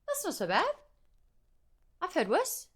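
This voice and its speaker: A woman's voice: extremely high pitch, wildly swooping pitch, a little slow. A tired Australian woman hosting a book club live stream, chatting playfully and thanking viewers by name. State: tired, sleepy. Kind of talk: casual live stream chat.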